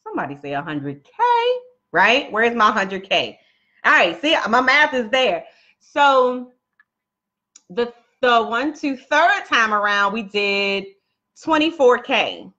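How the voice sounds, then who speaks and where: A woman's voice: fairly high pitch, lively intonation, slow pace, bright, forceful tone, highs cut off. A woman coaching viewers on a casual live stream, chatty and laughing often, talking straight to her audience.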